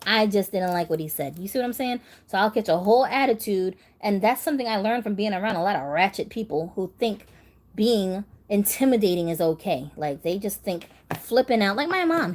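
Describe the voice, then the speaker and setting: A woman's voice: medium pitch, darkish tone. A woman in her thirties hosting a doll channel, chatting casually on a phone livestream, laughing often and reading viewer comments aloud. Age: 30s.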